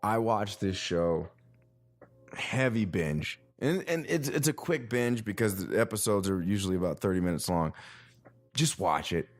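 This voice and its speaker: A man hosting a podcast in a rambling, excitable, profane casual chat. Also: on the low side, moderate pace, soft background music. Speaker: podcast host.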